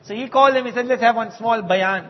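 High-voiced man preaching in a reverberant hall. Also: fast talker. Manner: animated, acts out quoted dialogue. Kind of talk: storytelling sermon. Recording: dull audio with long hall reverb.

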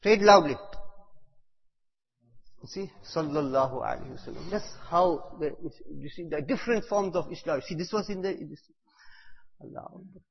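A man with a husky voice in a higher register gives a devotional talk, telling stories and repeating phrases for emphasis. His words ring out through a large hall with a long echo, and the recording sounds dull and lo-fi. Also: brisk. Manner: storytelling, repeats phrases for emphasis, bursts loud on key words. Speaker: religious teacher.

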